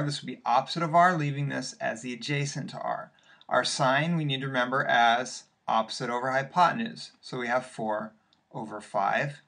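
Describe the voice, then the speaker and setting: A man's voice: mid-range voice, creaky, pushed and bright. A male math teacher walking patiently through worked examples in a recorded lesson, step by step with occasional fillers.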